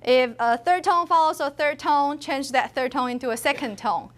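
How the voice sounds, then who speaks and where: A woman's voice: sits high, normal speed. A woman giving a university phonetics lecture in a classroom. She switches between English and Mandarin and says tones aloud to demonstrate them.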